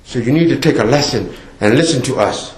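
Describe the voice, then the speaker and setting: A man's voice: medium pitch, expressive, a little fast. A middle-aged American man giving a talk to a mosque congregation, emphatic and repetitive, acting out asides. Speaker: guest speaker. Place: mosque hall. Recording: echoey mosque hall.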